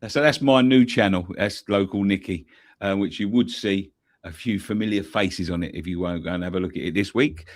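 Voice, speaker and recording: A man's voice: deep voice, fairly quick, dry recording. A man co-hosting a football fan show, chatty and casual, swearing now and then. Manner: chatty, swears, self-promoting. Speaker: co-host and channel owner. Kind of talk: casual chat.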